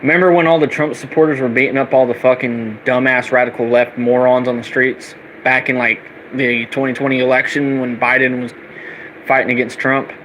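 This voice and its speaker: A man's voice: mid-range voice, level tone, brisk, a bit bright, a little hiss or hum, poor audio. A young man ranting angrily and profanely, repeating himself as he goes. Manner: heated, profane, repetitive ranting. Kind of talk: angry political rant vlog.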